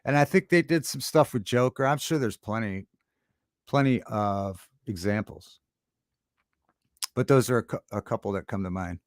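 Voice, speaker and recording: Halting, rambling male livestream host. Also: fairly low pitch, dry recording, studio quality. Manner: halting and rambling, many fillers and restarts. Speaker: livestream talk show host. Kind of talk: casual livestream chat reading viewer comments. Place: home studio.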